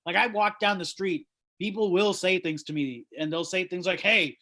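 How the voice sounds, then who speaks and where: A man with a high, sharp-edged, crusty voice, yelling his stand-up material into a laptop in his childhood bedroom. He switches between loud animated rants and low mumbled asides. The sound is bright and piercing. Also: moderate pace. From Chicago suburbs, USA. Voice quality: crusty, shouty voice. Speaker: stand-up comedian. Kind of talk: stand-up set over video call. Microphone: laptop mic.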